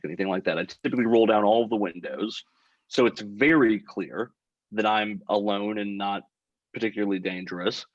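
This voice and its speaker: A young man from Texas telling a funny story in a deadpan, rambling way as a podcast guest. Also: lowish voice, dry recording, dull audio. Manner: deadpan comic storytelling, acts out his own quotes. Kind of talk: casual storytelling.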